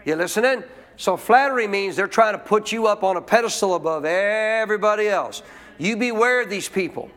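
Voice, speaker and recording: High-voiced emphatic preacher man. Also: brisk, fairly bright tone. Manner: emphatic, questions the congregation and repeats points. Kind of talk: sermon. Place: church.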